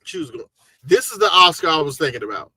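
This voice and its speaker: A man hosting a casual live podcast chat, talking in an animated, slangy, jokey way. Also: on the high side, quick pace, dry recording. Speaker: podcast host.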